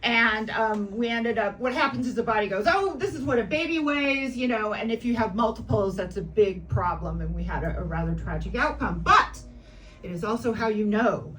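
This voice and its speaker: A woman performing a stand-up comedy set on a club stage, brash and animated, often laughing at her own jokes. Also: medium pitch, moderate pace. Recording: distant mic with noisy room.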